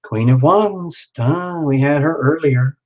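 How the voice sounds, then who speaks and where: A man's voice: fairly high pitch, takes it slowly, a little mellow, dull audio. A man hosting a live tarot reading, chatting and rambling as he reads out viewers' names.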